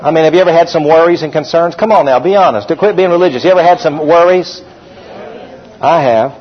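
A man preaching a lively sermon as pastor, calling out to his congregation. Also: a little high, fairly quick. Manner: animated preaching, calls out to the congregation. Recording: dull lo-fi recording.

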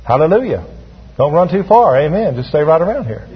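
A male pastor preaches a sermon, calling on his congregation to repeat his words back. His voice is fairly high and a little husky. The sound is dull and rings with a long church-hall echo. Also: big pitch swings, brisk. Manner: preaching with call-and-response to the congregation. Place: church sanctuary.

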